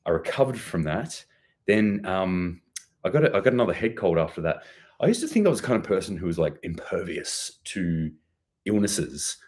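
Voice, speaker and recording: A man's voice: low voice, very animated, normal speed, darkish tone. A young man hosting a preparedness news show in casual, rambling commentary, his voice a bit worn from a recent cold. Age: young adult. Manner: rambling, swears casually, self-deprecating asides. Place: chilly new home office.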